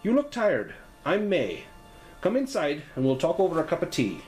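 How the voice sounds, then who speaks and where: A man's voice: on the high side, wildly swooping pitch, moderate pace, a little mellow, reverberant, soft background music, pitched above the performer's own voice. A man voicing a chatty village landlady with a put-on Scottish-sounding lilt. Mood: welcoming. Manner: chatty, lilting, homely. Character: kindly village landlady, warm but guarded.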